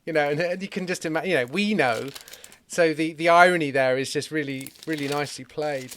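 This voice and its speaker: Chatty man with a slightly high voice. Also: a little fast, a bit bright. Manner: thinking aloud with frequent restarts, playful. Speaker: podcast host. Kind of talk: casual conversation about comedy and faith.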